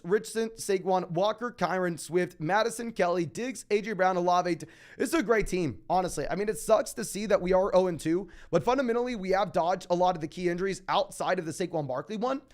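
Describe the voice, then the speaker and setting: Young male host, high-pitched, quick and emphatic, reads viewer questions and gives casual advice. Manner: fast, emphatic, calls listeners "my man". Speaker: fantasy football podcast host.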